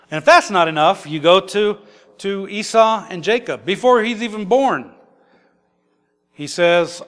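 A man's voice: high-pitched, unhurried, fairly bright tone. A man preaching a sermon in an emphatic, conversational way. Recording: long echoey hall reverb.

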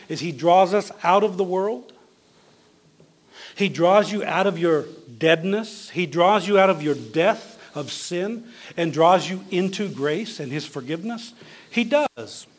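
A man preaching a sermon in a conversational way, asking his listeners rhetorical questions. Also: high voice. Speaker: pastor.

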